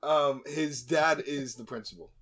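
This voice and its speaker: A man's voice: on the high side, measured pace, fairly bright tone. A man hosting a podcast, retelling a movie plot in a casual, joking way with plenty of asides and restarts. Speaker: podcast host. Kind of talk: casual comedic movie recap.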